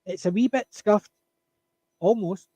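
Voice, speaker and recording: A man chatting on a panel, telling an animated anecdote and chuckling at his punchlines. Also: high-pitched, a little slow, no echo. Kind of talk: casual storytelling chat.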